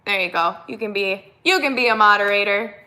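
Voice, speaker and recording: Woman, Minnesotan accent, live-stream host, chatty, reading comments, bright tone. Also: mid-range voice, a little fast. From United States. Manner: chatty, reads comments aloud and answers them. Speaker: YouTuber hosting a live stream.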